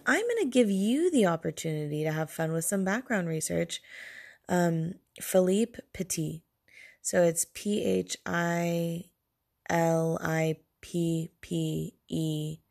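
A woman's voice: lowish voice, creaky, darkish tone. A woman hosting a solo podcast alone in her room late at night, rambling and self-deprecating as she drifts off on tangents.

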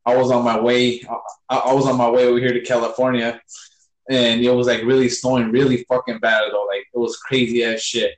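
A man's voice: medium pitch, flat delivery, fairly quick. Young man, casual talker, slangy and profane, voice with room echo. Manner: loose, slangy, swears a lot, fillers. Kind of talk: casual chat.

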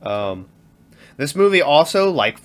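A man's voice: on the high side, sing-song, slow. A man in casual movie chat who laughs often, acts out lines from the film and swears freely. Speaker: podcast co-host.

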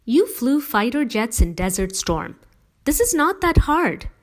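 A woman voicing a devoted middle-aged mother who speaks emphatically and persuasively, with gentle teasing. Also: a little high, sing-song, measured pace, voice pushed up.

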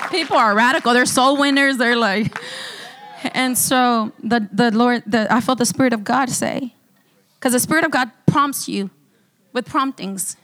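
Woman pastor, high voice, animated church testimony full of laughter. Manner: animated storytelling, breaks into laughter often. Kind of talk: sermon testimony. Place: church service.

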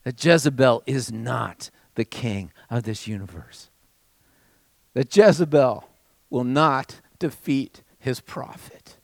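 A man preaching a sermon as pastor, with dramatic swings between raised passages and hushed, almost whispered lines. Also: mid-range voice, lively intonation, takes it slowly, creaky, no room sound.

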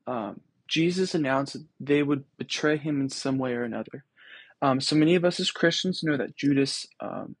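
A man's voice: mid-range voice, husky, dry recording. A young man hosting a podcast, reflecting on scripture in a casual, earnest way with many ums and restarts. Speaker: podcast host.

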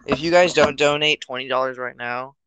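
Bright-voiced young man joking around. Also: medium pitch, a little fast, smooth, no echo, lo-fi sound. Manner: joking, rambling with filler words. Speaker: podcast co-host. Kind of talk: casual chat.

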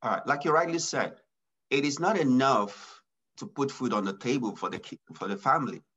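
A man, a pastor and business executive, answering interview questions in a deliberate, emphatic way, stressing key words and listing his points. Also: mid-range voice, fairly bright tone, breathy edge, dull audio.

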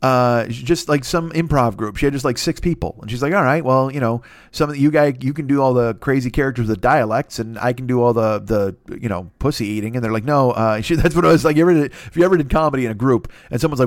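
A man tears through a profane comic monologue at a fast clip, rambling and breaking into mocking voices. His voice sits at an ordinary pitch. The sound is close and dry, with no room around it. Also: dry recording. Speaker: podcast host. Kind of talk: crude comedic monologue.

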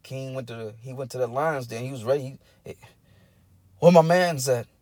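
A man's voice: medium pitch, normal speed, a little mellow, no room sound. A man preaching a sermon, building in rising, intense cadences and breaking into bursts of tongues.

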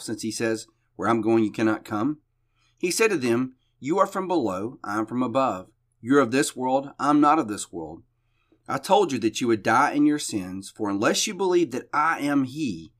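A man of middle pitch gives a devotional Bible teaching for his podcast. He reads the passage aloud, then unpacks it in a loose, conversational way, often stumbling and repeating a word before going on. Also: animated, normal speed. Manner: conversational with frequent restarts and repeated words.

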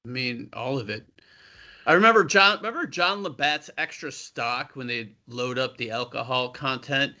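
A man in his fifties from the Buffalo area, co-hosting a podcast and telling rambling, animated stories with casual swearing. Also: medium pitch, normal speed. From Buffalo area, USA. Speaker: co-host.

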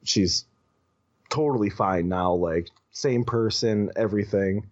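A man telling a personal story as a podcast guest, halting with many restarts and casual swearing. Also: lowish voice, a little mellow. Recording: dull lo-fi audio.

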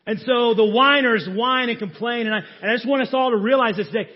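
A man preaching a sermon in a church, his voice high and husky. He delivers it with animation and playfully mocks the complainers he acts out. The recording sounds dull and muffled. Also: fast. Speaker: pastor. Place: church sanctuary.

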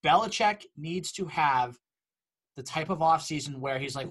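A sports podcast co-host giving strong opinions in casual chat, tossing off quick dismissive asides. The pitch swings widely, so the delivery sounds animated and lively. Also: slightly rough.

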